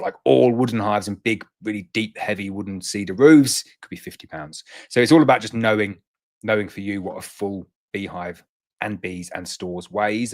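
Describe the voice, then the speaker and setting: A man hosts a casual live beekeeping chat, answering viewers with a rambling, easygoing flow. His speaking voice sits a little low, and it jumps up sharply whenever he reads out a viewer's name. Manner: chatty, rambling, jumps up in pitch to read out names. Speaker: beekeeping livestream host.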